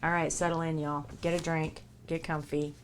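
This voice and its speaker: A woman's voice: low voice, level tone, normal speed, a little hiss or hum. A woman hosting a live stream, chatting playfully and reading a booklet aloud. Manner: playful, jokey, laughs often. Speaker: livestream host.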